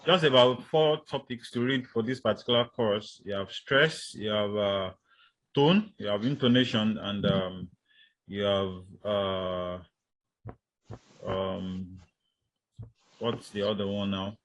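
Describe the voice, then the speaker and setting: A man lecturing university students, speaking deliberately, with many fillers and repeating his key points. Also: lowish voice, poor audio.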